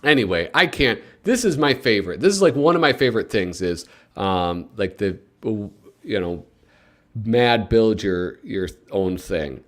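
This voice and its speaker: A livestream host with a voice on the low side sounds animated and fairly bright, taking his time as he talks. His casual live commentary wanders as he chats with viewers, with plenty of fillers.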